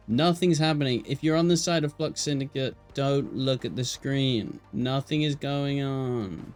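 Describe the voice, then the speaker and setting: A young man with an English Midlands accent, chatting and joking casually as an esports caster on a live stream. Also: mid-range voice.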